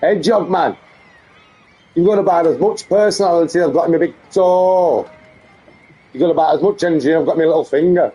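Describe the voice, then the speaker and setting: A man's voice: fairly high pitch, a little fast, long pauses, dark tone, breathy edge, faint music behind. A middle-aged man with a Birmingham accent, boasting and mocking in a swearing vlog rant. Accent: English, Birmingham. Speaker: vlogger. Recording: muffled lo-fi clip audio.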